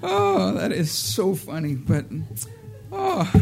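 A man's voice: on the high side, measured pace, heavy background noise. A middle-aged man preaching a casual sermon, rambling with many fillers and laughing at his own jokes.

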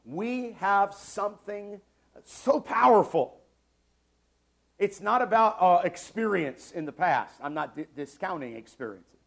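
A man in his forties gives an emphatic church sermon with a slightly high voice. He hammers his points home by repeating short phrases and moves between quiet asides and loud declarations. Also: animated, unhurried, gravelly. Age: 40s. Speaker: pastor. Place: church sanctuary.

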